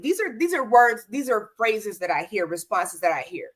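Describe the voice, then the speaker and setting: A woman hosts a casual livestream, speaking straight to her viewers and repeatedly asking "okay?" Her mid-range voice has lively intonation and a normal speed.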